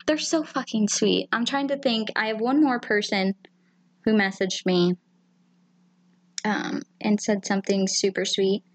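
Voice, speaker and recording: A woman's voice: medium pitch, fairly even intonation, measured pace. A woman in a mid-range voice chats on her podcast, open and heartfelt with frequent swearing. She reads listener messages and muses on being vulnerable, in an easy, unscripted way. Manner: candid and emotional, swears freely. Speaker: podcast co-host. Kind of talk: casual chat.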